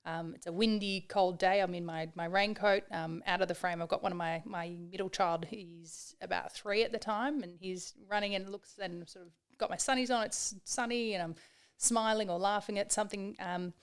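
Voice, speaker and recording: A woman of about forty with an Australian accent, a podcast guest telling a personal story in an earnest, reflective way with frequent pauses and restarts. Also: medium pitch, fairly even intonation, clean tone.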